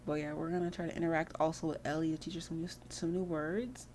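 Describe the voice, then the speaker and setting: A woman's voice: low-pitched, flat delivery, fast, darkish tone, a little hiss or hum. A young woman giving casual, slangy gameplay commentary, chatty and freely swearing. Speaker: gameplay video host.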